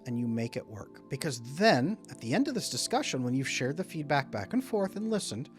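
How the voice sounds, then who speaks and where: Male relationship coach, animated, swinging pitch, plays both sides of a dialogue. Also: fairly quick, faint music behind. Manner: animated, acts out both partners in mock dialogue. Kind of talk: solo talk to camera.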